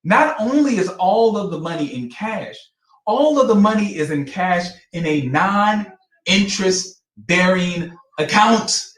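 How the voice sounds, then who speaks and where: A man's voice: high-pitched, expressive, a little slow, a bit bright. A man working as a financial advisor, giving commentary on financial records, laughing often and sounding incredulous and emphatic. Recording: roomy echo.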